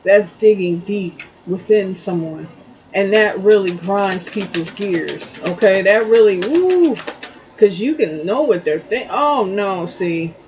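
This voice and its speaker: Doing a laid-back spiritual tarot reading, a middle-aged woman tells a story in a chatty way, frequently pausing to ask "okay?" She has a medium-pitched, animated, slightly mellow voice and takes things slowly. The recording is low quality, with a little hiss or hum.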